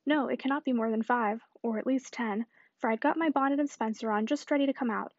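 A woman's voice: a little high, fast, a little mellow, no room sound, muffled recording. A woman reading the part of a talkative spinster, effusive and rambling on in run-on chatter. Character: talkative middle-aged spinster, breathless and effusive.

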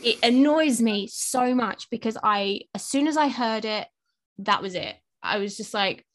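A woman from England co-hosts a podcast, her fairly high voice animated and a little slow. She chats casually and rambles, full of fillers and restarts.

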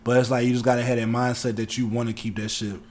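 A man's voice: mid-range voice, little pitch movement, fast talker, very noisy. A man co-hosting a podcast in casual chat, rambling and cursing as he talks through his thoughts. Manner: rambling, profane, full of fillers and restarts. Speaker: podcast co-host.

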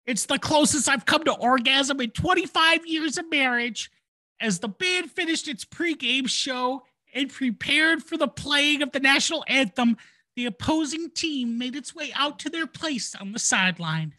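Whiny complaining dad, as a woman puts him on, high pitched, indignant, mocking read. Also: normal speed, bright, forceful tone. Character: whiny complaining middle-aged dad writing a letter. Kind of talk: mock reading of a complaint letter.

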